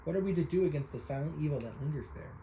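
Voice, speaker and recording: A man reads as an eccentric old photography devotee from a game, speaking in stiff, courtly phrases and calling his listener young sir. The voice stays mellow and dark. A faint hiss lies behind it. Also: on the high side, lively intonation, very fast, echoey room, natural voice, rough recording. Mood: solemn. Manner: old-fashioned formal speech, addresses listener as young sir. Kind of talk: reading game dialogue aloud.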